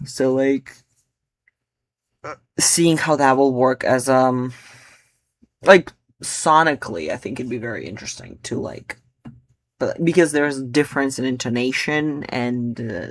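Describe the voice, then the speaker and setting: A man chatting loosely about his own poems, rambling with many filler words and often drifting into quiet mutters. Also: mid-range voice, measured pace, long pauses, no echo. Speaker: poet.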